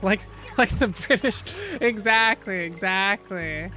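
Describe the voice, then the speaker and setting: A woman streaming a video game, commenting out loud, joking and exclaiming as she plays. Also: medium pitch, slow pace, soft background music. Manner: animated, exclaims and laughs often, jokes with chat. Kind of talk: live gaming commentary.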